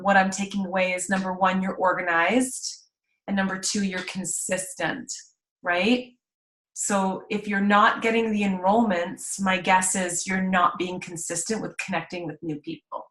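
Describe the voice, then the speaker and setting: A woman's voice: mid-range voice, fairly bright tone, echoey room, poor audio. A woman hosting a casual live video chat, talking in a chatty, upbeat way with plenty of "like" and "you know.". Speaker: host.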